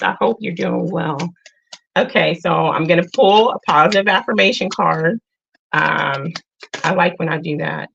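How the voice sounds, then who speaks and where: A woman hosting a casual spiritual livestream, talking unhurried and earnest, with many filler sounds. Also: lowish voice, vocal fry, a bit bright, husky, dull audio. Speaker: livestream host.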